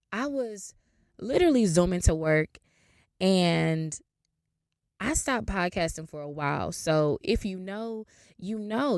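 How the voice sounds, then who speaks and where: A woman, hosting a podcast and telling a story in a casual, animated way. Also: medium pitch, no room sound, clean studio sound. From Raleigh, North Carolina. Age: 20s. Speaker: podcast host. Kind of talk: casual story time monologue.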